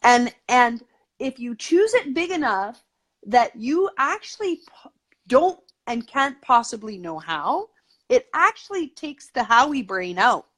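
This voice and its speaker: Upbeat, chatty woman, higher voice. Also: sing-song, a little slow, fairly bright tone. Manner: eager, talkative, peppered with "like". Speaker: guest. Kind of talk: casual conversational interview.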